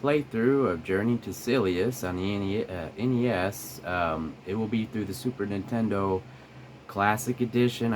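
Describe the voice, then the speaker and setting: A man with a cold talking through a retro game, halting and rambling with many ums and restarts. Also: lowish voice, slight background noise. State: has a cold. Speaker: gameplay commentator. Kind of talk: casual game commentary. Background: retro game music.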